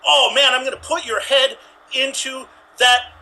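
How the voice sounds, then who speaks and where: A man improvises a goofy retelling of an action movie, piling on excited asides. His voice sits very high and sounds bright and tense. He jumps quickly from one thought to the next. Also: gravelly, rough recording. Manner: rambling, excited riffing. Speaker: improv player. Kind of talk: improvised comic monologue.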